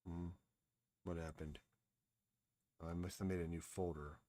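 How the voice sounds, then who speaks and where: Slow, low-voiced man thinking aloud. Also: flat delivery, warm tone. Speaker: comic artist streaming his drawing. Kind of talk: casual live-stream narration while drawing.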